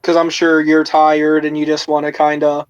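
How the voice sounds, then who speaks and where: Young male co-host, fairly high pitch, relaxed and easygoing. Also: normal speed, clean tone, lo-fi sound. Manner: relaxed, keeping voice down. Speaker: podcast co-host. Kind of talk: casual chat.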